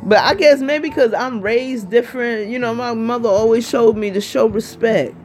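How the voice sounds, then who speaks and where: A woman's voice: fairly high pitch, moderate pace, a little mellow, soft background music. A woman of about fifty talking casually in a vlog, rambling and chatty, often asking "you know what I mean.". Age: 50s. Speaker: vlogger.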